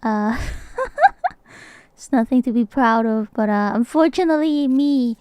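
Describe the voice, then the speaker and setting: A woman's voice: fairly high pitch, measured pace, darkish tone, clear, resonant tone, no echo. A woman streamer, not a native English speaker, chatting playfully and laughing often while she comments on a game. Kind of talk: casual gaming commentary.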